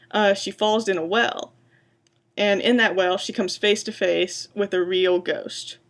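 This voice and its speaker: A woman giving a booktalk presentation, introducing books and reading excerpts aloud in a quiet, measured way. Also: medium pitch. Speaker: library science student presenting books.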